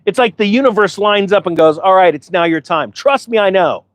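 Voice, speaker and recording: A man's voice: sits high, fairly quick, dry recording. A man in his forties hosting a casual, emphatic motivational monologue, repeating his points and telling stories in quoted voices. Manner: animated storytelling with quoted voices. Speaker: host.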